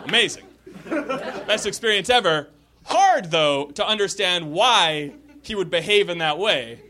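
A man doing a playful stand-up comedy set, telling a story with animated delivery. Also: high voice, a little slow. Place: comedy club stage. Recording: comedy club with loud crowd noise.

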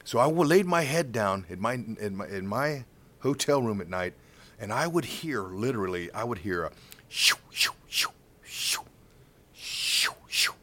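Middle-aged male sports commentator, interview storytelling, animated, stumbles and repeats when excited. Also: on the low side, normal speed. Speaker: baseball color commentator.

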